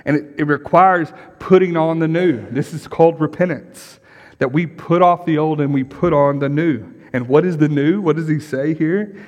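A middle-aged man delivers a sermon as a pastor, his voice sitting a little higher than most men's. He talks in an easy, conversational way, often asking the congregation questions and tagging lines with a quick check-in. The sound carries a long reverb from the church hall. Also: darkish tone, muffled recording. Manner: conversational, asks the congregation questions and repeats "right?".

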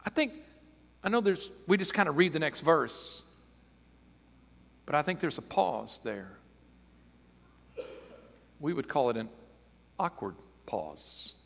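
A man delivers a sermon, his voice sitting somewhat high for a man. He drives his point home with loud, insistent emphasis, and long reverb from a big sanctuary trails behind him. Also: expressive, slow, creaky, long pauses. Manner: emphatic, rising to loud intensity on key phrases. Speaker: pastor.

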